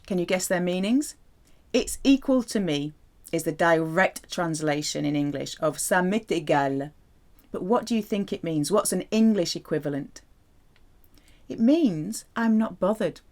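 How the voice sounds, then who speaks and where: A woman giving a language lesson in a playful, animated teaching manner. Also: moderate pace. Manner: playful, animated teaching with wide pitch swings. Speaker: French teacher.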